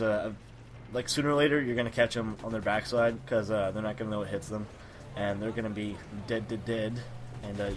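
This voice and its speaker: A lowish male voice, slightly raspy from a cold. He talks through gameplay in a loose, rambling way, full of fillers and mid-sentence corrections. He speaks into his own microphone, with a faint hiss behind him. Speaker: gameplay commentator. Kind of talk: casual gameplay commentary. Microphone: personal microphone.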